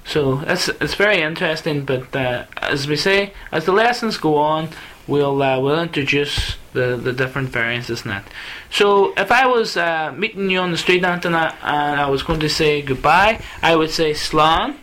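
Host for a casual language lesson: a man with a bright, slightly high voice who guides with questions. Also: moderate pace, low-quality recording. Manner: asks guiding questions, repeats phrases back. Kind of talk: casual teaching dialogue.

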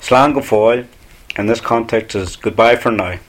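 Man, ulster irish accent, language teacher, calm patient explaining, mid pitch. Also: normal speed, slight background noise. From Ulster, Ireland.

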